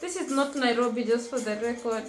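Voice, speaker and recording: A woman with a slightly high voice gives casual reaction commentary, emotional and quick to exclaim as she thinks out loud. Her voice rings in a roomy, echoey space with faint music underneath. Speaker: reaction video host.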